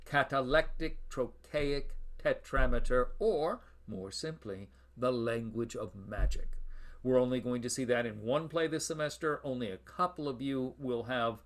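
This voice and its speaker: A man's voice: medium pitch, measured pace, a bit bright. Male lecturer chanting verse rhythms. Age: adult, past high school. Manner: explanatory, chanting stress patterns aloud. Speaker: university lecturer. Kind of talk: classroom lecture.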